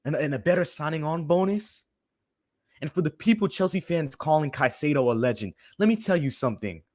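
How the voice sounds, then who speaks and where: A man's voice: a little high, lively intonation, brisk, no echo, clean studio sound. A young man hosting a fan stream, ranting angrily and repeating "bro" constantly. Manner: heated, repetitive, says "bro" constantly. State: fuming. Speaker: fan channel host. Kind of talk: angry live-stream rant.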